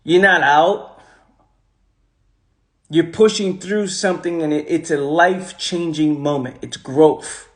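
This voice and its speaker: A man's voice: on the high side, fairly even intonation, takes it slowly. Emphatic man giving a motivational livestream talk. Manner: repetitive, emphatic, preachy; casual slang. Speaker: motivational speaker. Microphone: phone on a livestream.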